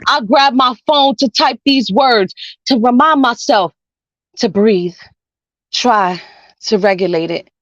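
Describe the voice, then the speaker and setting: A woman's voice: a little high, slow pace, pauses often, fairly bright tone, dry recording, highs cut off. A woman performing a spoken word poem over a video call, laughing between lines and swearing freely, then chatting casually. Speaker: open mic poet.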